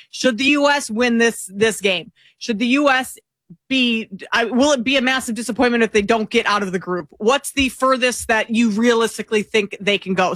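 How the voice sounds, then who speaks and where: A woman's voice: fairly high pitch, fairly bright tone, no echo. A woman co-hosting a talk show, chatting casually with frequent ums and a self-deprecating manner. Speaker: co-host.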